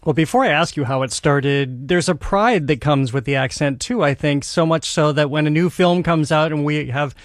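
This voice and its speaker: Dry-sounding Boston radio host. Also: male voice, fairly high pitch, no echo. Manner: measured, questioning. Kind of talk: radio interview.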